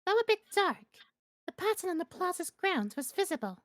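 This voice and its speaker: A woman's voice: extremely high pitch, big pitch swings, fairly quick, a little hiss or hum. A woman voicing a haughty, imperious young princess priestess in stiff, formal speech while reading game dialogue with friends. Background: game music.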